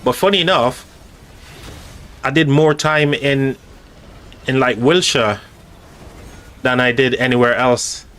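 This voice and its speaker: Slow and prone to frequent pauses, this man's mid-range, somewhat bright voice carries a casual live stream about a strategy game. He's chatty and rambling, talking right to chat with lots of fillers and restarts.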